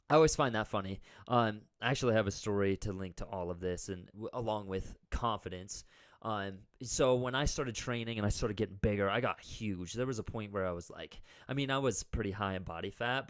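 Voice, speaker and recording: Animated young man telling a story. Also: fairly low pitch. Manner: animated storyteller, loud acted-out quotes, frequent "like". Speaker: podcast co-host. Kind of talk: casual storytelling chat.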